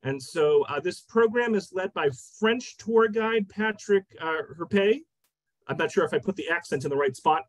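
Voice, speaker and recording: Upbeat high-voiced man hosting online. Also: lively intonation, normal speed, hardly any pauses, no echo, low-quality recording. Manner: upbeat, reading from notes. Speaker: library program host. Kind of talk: event introduction. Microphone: video call.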